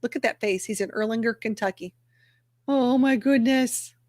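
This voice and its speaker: Woman, livestream host, chatty, upbeat, narrates her clicks, fairly high voice, dry sound. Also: normal speed, a little mellow, no echo. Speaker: livestream host for a dog rescue community. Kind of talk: casual livestream chat while sharing her screen.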